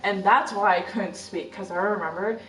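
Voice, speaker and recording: A woman's voice: medium pitch, moderate pace, a bit bright. Giggly woman, distant and echoey. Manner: giggly, rambling storytelling. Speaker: family member in the chat. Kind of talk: casual family chat.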